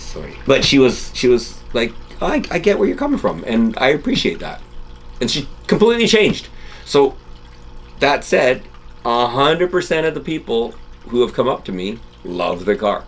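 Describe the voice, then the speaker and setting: Host: middle-aged man, lowish voice, animated storyteller, casual on-camera chat, faint room noise. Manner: rambling, animated storytelling with restarts. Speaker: channel host. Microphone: camera-mounted mic, no lapel.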